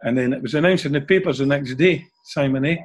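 An older man with a Scottish accent talks fast at a medium pitch, telling stories as a guest in an interview. He keeps it chatty, frequently ending phrases with a questioning "eh?".

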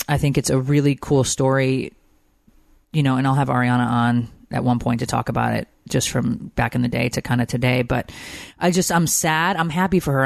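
A woman's voice: rumbling low, no echo, clean studio sound. A woman hosting a podcast, telling personal stories in a casual, emotional, rambling way with lots of fillers. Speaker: podcast host. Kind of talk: casual chat.

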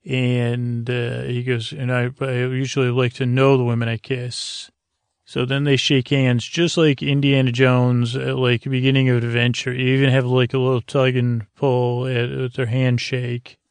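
A man's voice: medium pitch, flat delivery, measured pace, clean tone, no echo. A man hosting a podcast, giving a meandering, hesitant episode recap full of fillers, meant to lull listeners to sleep. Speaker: podcast host.

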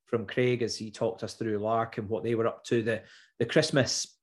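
A man's voice: fairly low pitch, moderate pace. Man co-hosting a podcast. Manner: relaxed, stammers on restarts. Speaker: podcast co-host. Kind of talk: casual chat.

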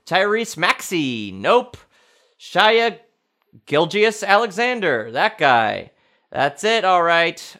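A man's voice: on the high side, sharp tone. A man hosting a casual solo podcast, rambling and mocking himself as he thinks aloud. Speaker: podcast host.

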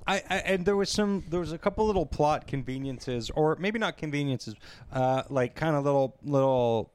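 A man's voice: on the high side, moderate pace, a little mellow, clear, resonant tone. A man chatting casually about a movie, rambling with lots of laughs and swearing. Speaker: podcast co-host. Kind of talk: casual movie review chat.

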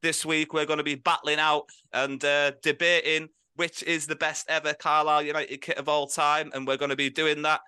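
A man's voice: on the high side, level tone, normal speed, hardly any pauses, pushed and bright, clear, resonant tone, no echo. A man hosting a casual podcast, upbeat and rambling, often laughing. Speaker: podcast host.

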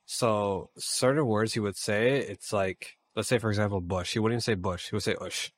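A man's voice: fairly low pitch, normal speed. A man chatting casually, a bit hesitant and repeating himself. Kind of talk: casual chat.

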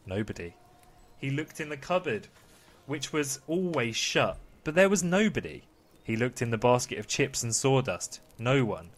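Playful man reading a bedtime story. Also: mid-range voice. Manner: mock-fatherly, giggly. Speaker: podcast co-host.

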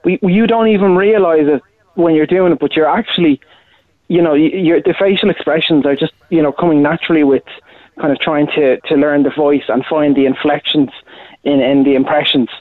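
A man's voice: fairly high pitch, steady tone, fairly quick, dry recording. A male impressionist chatting as a guest, rambling with many restarts. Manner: rambling, frequent restarts and "you know". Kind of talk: casual interview chat. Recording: tinny phone-like line, dry.

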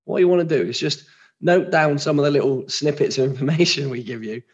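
A hoarse man with a gravelly voice, co-hosting a podcast in relaxed, chatty conversation. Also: on the high side, a little fast, dull audio. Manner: relaxed, chatty, explains things plainly. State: hoarse, recovering from a lost voice. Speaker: podcast co-host. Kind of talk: casual chat.

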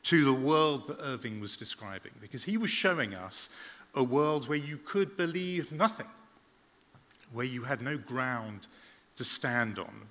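A man, a journalist, giving a public talk in a measured, reflective storytelling manner, often pausing on "uh" and restarting words. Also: medium pitch, a bit bright, in a large hall.

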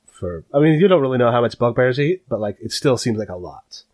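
Man, game master, husky, lively pitch, rambling, filler-heavy narration. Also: a little fast.

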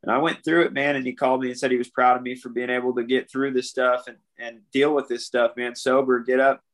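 A man's voice: medium pitch, flat delivery, quick pace, a bit bright. A young man, a podcast guest, talking candidly and earnestly about something painful, often saying "man.". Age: young adult. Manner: earnest, emotional, calls people "man". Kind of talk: candid interview talk.

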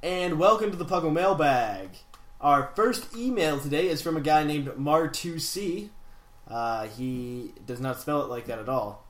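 A man's voice: on the high side, lively intonation, a little slow. A young man co-hosting a casual podcast, joking around and slipping into silly voices. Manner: goofy, jokey, slips into silly voices. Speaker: podcast co-host. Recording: echoey room.

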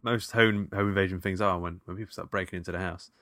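A man with a very deep voice that still cuts through with a bright, sharp edge. He chats about a film in a halting, jokey way, trailing off with ums. The sound is close and dry. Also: steady tone, dry recording. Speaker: podcast co-host. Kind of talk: casual film review chat.

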